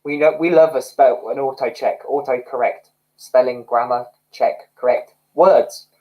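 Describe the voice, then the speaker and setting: A man's voice: mid-range voice, measured pace, highs cut off. A young man hosting a livestream, chatting casually and rambling expressively while reading out comments. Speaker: livestream host.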